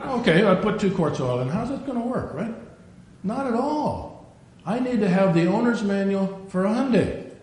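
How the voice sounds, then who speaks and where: A man's voice: high voice, expressive, moderate pace, darkish tone. An older man preaching a sermon in a folksy storytelling way, acting out dialogue and prayers. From Norwegian. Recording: very echoey room, faint noise.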